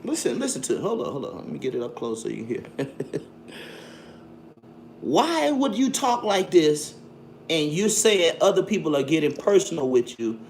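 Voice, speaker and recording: Black dude ranting on his stream, cussing and mocking, voice jumping all over, bit of hiss. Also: on the high side. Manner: loud, profane, mocking, with frequent laughs. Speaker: livestream host. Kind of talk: combative livestream commentary.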